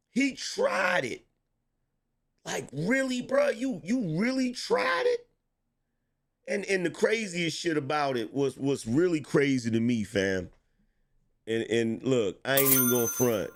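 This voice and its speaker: A middle-aged man with a medium-pitched voice takes his time with casual talk about politics, using animated street slang and laughing between his lines.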